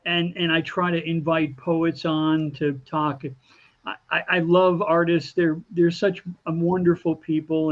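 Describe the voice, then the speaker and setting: Higher-voiced man on muffled call audio. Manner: thoughtful, halting with repeated words. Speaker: poet and show producer. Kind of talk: reflective spoken tribute.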